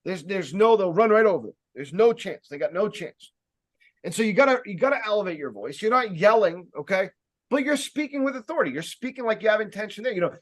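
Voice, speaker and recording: A man giving a casual sales training talk, speaking loudly and emphatically, with rambling jokey asides and plenty of fillers. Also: high-pitched, lively intonation, fast talker. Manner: loud, emphatic, projecting voice.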